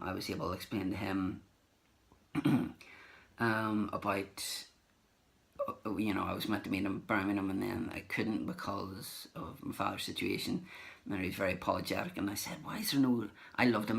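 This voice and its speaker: A man's voice: lowish voice, fairly even intonation, moderate pace, gravelly, fairly bright tone. A man vlogging casually about meeting celebrities at a comic convention, rambling with fillers and acting out the remembered exchanges. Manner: rambling, acts out remembered dialogue. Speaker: collector vlogger. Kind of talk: casual anecdotal recap.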